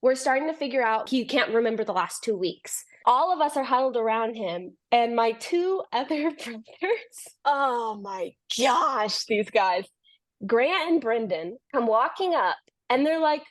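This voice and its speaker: Animated woman telling a story. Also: a little high, a little slow. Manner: animated, laughing storyteller acting out quotes. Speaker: podcast guest. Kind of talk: casual storytelling.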